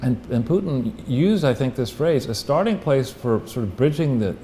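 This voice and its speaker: Blunt rambling man, dark voice. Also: medium pitch, lively intonation, normal speed, slight background noise. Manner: blunt, rambling, with profanity and restarts. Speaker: guest analyst. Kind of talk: casual political talk.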